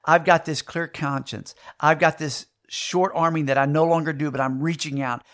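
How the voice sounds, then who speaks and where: A man's voice: a little high, fairly even intonation, normal speed, fairly bright tone. A middle-aged man, preaching a sermon and telling a story with acted-out sounds and voices. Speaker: pastor.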